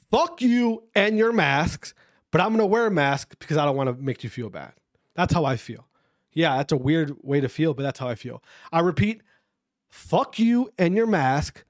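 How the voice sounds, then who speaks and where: A man's voice: a little high, no room sound, studio quality. A man hosting a podcast, ranting casually, swearing a lot and repeating himself. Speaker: podcast host. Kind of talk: casual profane podcast rant.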